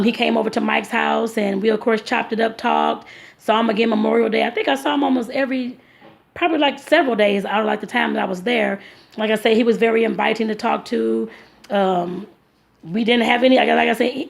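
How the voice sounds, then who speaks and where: A vlogger tells her viewers a rambling travel story packed with fillers and restarts. Her voice is a little high and creaky.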